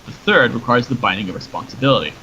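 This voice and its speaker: A man's voice: medium pitch, lively intonation, fast, pushed and bright. A man voicing a wry, chatty male rattlesnake who grants wishes, in a dull lo-fi recording with faint noise. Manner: chatty, joking, matter-of-fact.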